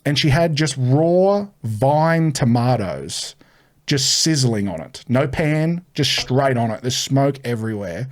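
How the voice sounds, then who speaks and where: A man's voice: mid-range voice, slow. A young man telling a story as a podcast guest, swearing freely and acting out the people in it. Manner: animated, swearing, acts out the people in his story. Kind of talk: casual storytelling.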